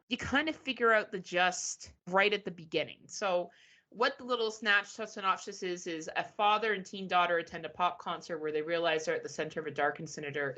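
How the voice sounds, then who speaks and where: A woman's voice: medium pitch, pushed and bright. A woman from Canada co-hosting a movie podcast, chatting frankly and swearing with a laugh. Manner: frank, profane, laughs often. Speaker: podcast co-host. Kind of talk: casual chat.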